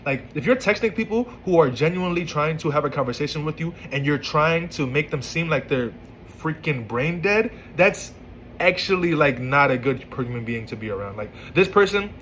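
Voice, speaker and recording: A man's voice: a little high, animated, a little fast, a bit bright, a little hiss or hum, rough recording. Exasperated man reacting to texts. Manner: exasperated, stammering restarts, incredulous. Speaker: commentator reading text messages. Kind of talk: casual reaction commentary.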